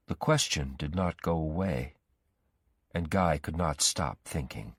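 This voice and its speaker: A man narrating a graded-reader story in a slow, careful reading. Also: rumbling low, no room sound, studio quality.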